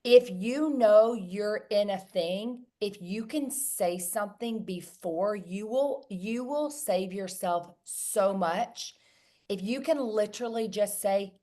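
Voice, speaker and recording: A woman hosts a coaching conversation in a voice of ordinary pitch. She talks emphatically and comes back to her key words again and again. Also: slow, warm tone. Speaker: host. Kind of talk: coaching talk on feelings.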